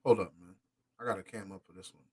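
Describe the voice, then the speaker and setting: A man hosting a podcast, angrily commenting on court documents he reads aloud, profane and indignant, stumbling over words and swinging from muttered asides to loud outbursts. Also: deep voice, steady tone, fast, husky. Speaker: podcast host.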